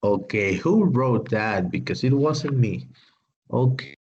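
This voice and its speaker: A man teaching an English grammar class online, speaking slowly and hesitantly, with many fillers and apologies. His first language is Spanish. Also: mid-range voice, expressive, darkish tone, muffled recording.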